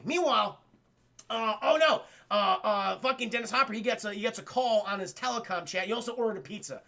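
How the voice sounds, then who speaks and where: A man recapping a film for his stream chat, excitable, swearing constantly and acting out the scenes. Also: sits high, fairly quick, creaky.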